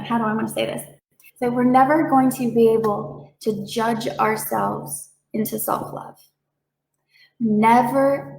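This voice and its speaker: A woman giving a calm, reassuring talk as a reiki practitioner, with playful voiced asides. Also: a little high, creaky, roomy sound, poor audio. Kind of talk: gentle explanatory talk.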